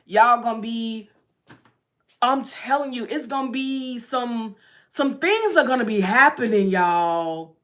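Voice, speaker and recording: A woman's voice: fairly high pitch, expressive, takes it slowly, a bit bright. A woman giving a casual tarot reading, chatty and repetitive, often breaking into laughs. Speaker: tarot reader.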